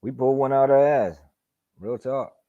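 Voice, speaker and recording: A man with a mid-range voice at normal speed hosts a live boxing talk stream. His talk is casual and profane, packed with slang and repetition, over dull lo-fi stream audio.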